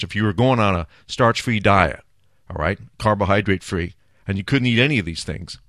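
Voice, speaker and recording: A man's voice: fairly low pitch, a bit bright, no echo, clean studio sound. A man hosting a casual solo talk segment, chatty and decisive as he runs through his picks. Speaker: host. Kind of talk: casual solo talk, playing a food bracket.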